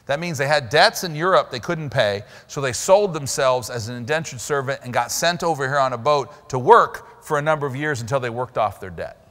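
A man preaching a sermon as pastor, animated and emphatic, in a church sanctuary. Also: mid-range voice, brisk. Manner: animated, emphatic preaching with sudden loud stresses. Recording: long hall reverb in a church.

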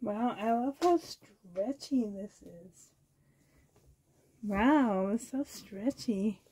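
A woman's voice: fairly high pitch, very slow, warm tone, husky, low-quality recording. A woman with a Canadian accent, chatting casually while unboxing, gushing, giggly and rambling. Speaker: reborn doll vlogger.

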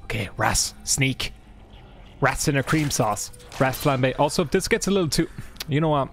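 A male streamer in a mid-pitched voice rambles through live gameplay commentary, chatty and loose, swearing and joking with his chat. Game music plays faintly underneath. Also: expressive, moderate pace, fairly bright tone.

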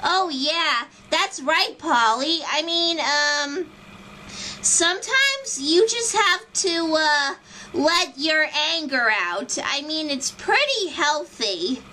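A female lioness toy character, voiced by a performer, who speaks softly and hesitantly. Her voice is very high, slow and bright, with lively swings in pitch. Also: slight background noise, full character voice. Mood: soothing.

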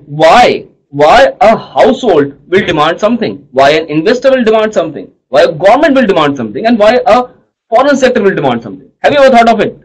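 A man teaches an economics lesson in a high, light voice. He coaxes his students along and keeps pausing to check that everyone has understood. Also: rough recording. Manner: coaxing, checks understanding often. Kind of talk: online class lecture.

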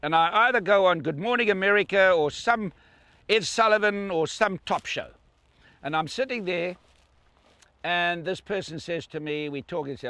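Old guy in his 80s telling a story, animated, kinda high voice. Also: fairly quick, no echo. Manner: lively, acts out the quoted voices. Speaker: golfer telling an anecdote.

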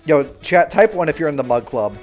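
A young man livestreaming a game, bantering loudly and sarcastically with his chat in mock outrage. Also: fairly high pitch, big pitch swings, fairly quick, faint music behind. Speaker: streamer. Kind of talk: live gaming stream chatter.

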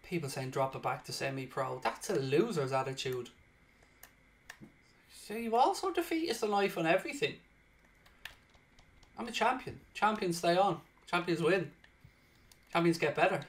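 Male gaming streamer, lively pitch, swears and explodes at the screen, worn out. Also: moderate pace, long pauses. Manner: excitable, swears loudly, frequent frustrated outbursts. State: tired. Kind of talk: live gaming commentary.

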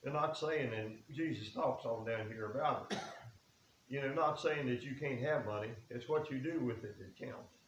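A man's voice: mid-range voice, moderate pace. A man preaching a sermon in a church, folksy and earnest, reading scripture aloud. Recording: echoey room with faint hiss.

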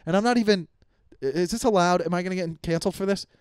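A man's voice: high voice, fast talker, darkish tone, clean tone, dry recording, clean studio sound. Profane rambling male podcast host. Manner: profane, rambling with many restarts. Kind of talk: casual comedic rant.

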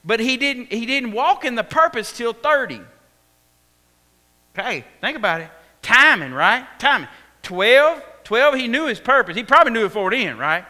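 A Texan man preaches a sermon, acting out the story with animated delivery. His voice sits high and leaps up and down with a bright edge. The sound carries a long church-hall reverb. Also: normal speed. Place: church sanctuary.

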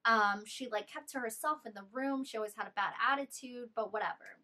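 A young woman vlogger telling an animated, exasperated storytime about a bad living situation. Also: on the high side, brisk. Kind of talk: storytime vlog.

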